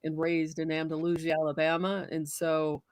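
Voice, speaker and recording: A woman's voice: deep voice, flat delivery, moderate pace, darkish tone, no room sound, clean studio sound. A middle-aged woman with a Southern US accent, reading scripture aloud and chatting on a panel with frequent laughs and sarcastic asides.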